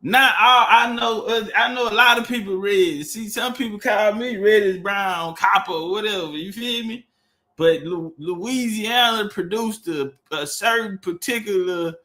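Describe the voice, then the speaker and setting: In a high, bright, forceful voice, a Texan livestream host rambles casually and profanely, often repeating a word as he looks for the next.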